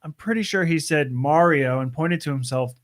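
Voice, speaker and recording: A man co-hosting a podcast in casual chat, adding short remarks and sometimes stumbling over his starts. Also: on the high side. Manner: chimes in with short additions, some halting starts.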